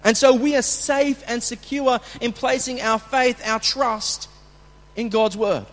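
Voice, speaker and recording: A man preaching as a pastor, talking in a conversational way with restarts and bursts of acted shouting. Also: very high-pitched, steady tone, unhurried. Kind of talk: sermon. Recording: long hall reverb.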